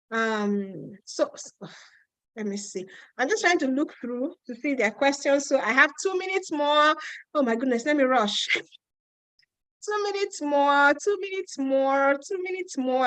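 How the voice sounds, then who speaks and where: Nigerian woman with a Yoruba accent, live webinar host, high voice, chatty and emphatic, dry close sound. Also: fairly bright tone, dry recording, rough recording. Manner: chatty and emphatic, repeats points, answers questions with quick asides. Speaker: host answering viewer questions. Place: home in Ontario.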